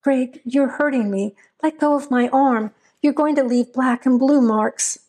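A frightened young woman pleads anxiously, her voice pitched fairly high, as a woman narrator puts her on. She sounds loyal but scared. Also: measured pace, a little mellow. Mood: pleading.

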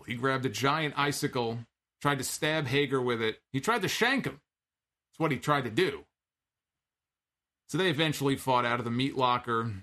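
A man's voice: medium pitch, fairly bright tone. A man giving a casual spoken recap of a wrestling show, conversational with wry asides and frequent filler words.

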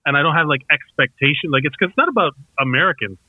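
A man's voice: a little high, animated, quick pace, dry recording. Tinny-sounding man in casual chat. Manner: loose, rambling, swears freely.

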